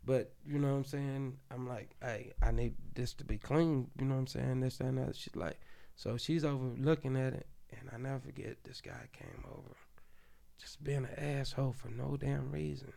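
A middle-aged man with a gravelly, fry-edged voice tells a story as a podcast guest. He talks loosely and profanely, circling back with "you know what I'm saying" and "this, that, and the other." His voice sits at an ordinary middle pitch. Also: dark tone. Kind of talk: storytelling in casual chat.

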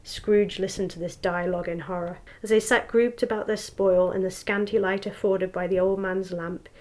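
Expressive woman storybook narrator. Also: mid-range voice, normal speed. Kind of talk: storybook reading.

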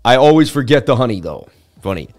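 A man hosting a live market-analysis stream, talking in a chatty, excitable way and turning to his viewers to answer chat between chart readings. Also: medium pitch, fairly quick. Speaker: livestream host.

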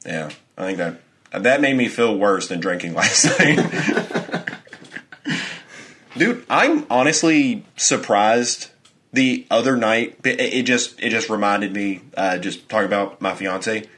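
A man's voice: fairly low pitch, slow pace, husky. A young man on a podcast telling a story in casual chat, swearing freely and acting out quotes in a raised voice. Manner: animated storytelling, heavy swearing. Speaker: podcast co-host.

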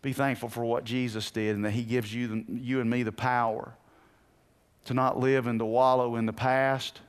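A man preaching a sermon to a congregation in a church, swinging between hushed and loud, and putting questions to his listeners. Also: medium pitch, level tone, normal speed, smooth. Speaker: pastor.

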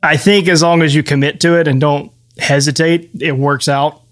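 Male podcast co-host and game master, slightly higher voice, easygoing and rambling. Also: level tone, moderate pace. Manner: easygoing, rambling with restarts and laughs. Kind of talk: casual chat.

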